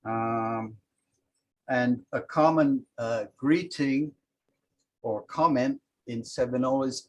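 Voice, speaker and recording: A man's voice: mid-range voice, slow pace, slight background noise, low-quality recording. A man teaching a language class, patiently explaining grammar and demonstrating example phrases aloud.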